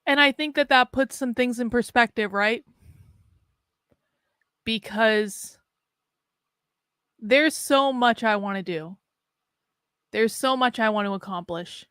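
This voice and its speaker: A woman's voice: a little high, takes it slowly, long pauses, clean tone, no echo, clean studio sound. A woman hosting a casual livestream, talking candidly and steadily through sadness, often repeating herself. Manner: candid, sad but steady, talks in restarts and repeats. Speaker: host.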